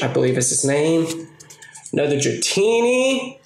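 A man's voice: fairly high pitch, moderate pace. A young man giving casual, joking commentary while opening card packs, swearing often. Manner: excitable, swears a lot, jokey asides. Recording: echoey room with faint noise.

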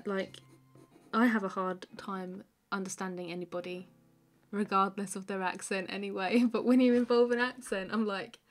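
While drawing on a live stream, this medium-pitched woman rambles casually with plenty of fillers, laughs a lot, and reads out viewers' comments so she can respond.

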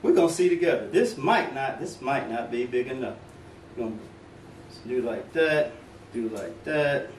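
A middle-aged man hosting a casual home cooking demonstration, joking and chatting straight to his viewers in relaxed slang. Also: mid-range voice, normal speed, distant mic. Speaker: home cooking video host. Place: home kitchen. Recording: echoey kitchen from off-mic, faint room noise.

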